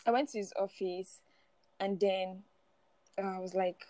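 A woman's voice: mid-range voice, fairly even intonation, measured pace, dark tone, no echo. A woman in her forties sharing her personal testimony as a guest, often laughing through it and repeating words as she goes. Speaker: guest speaker.

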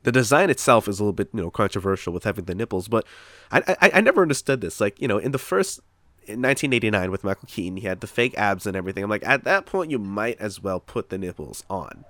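Low-voiced man, casual profane chat. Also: fast, no room sound. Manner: profane, animated storytelling.

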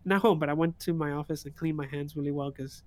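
A man's voice: fairly high pitch, steady tone, quick pace, no echo. A young man streaming, telling a story in casual chat and laughing often.

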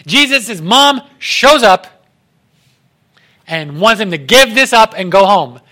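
A young male preacher with a high, bright voice gives a casual sermon. He talks in an animated way and slips into the voices of the people in his story. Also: slow. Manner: animated, acts out quoted voices.

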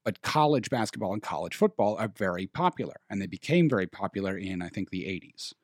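A young man hosting a casual podcast chat, rambling and pausing to search for names. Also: sits low, animated, no room sound, studio quality. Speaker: podcast host. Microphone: studio microphone.

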